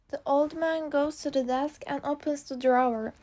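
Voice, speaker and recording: A woman's voice: high-pitched, steady tone, a little slow, few pauses, darkish tone. A woman narrating a simple storybook for English learners, reading in a plain, careful way.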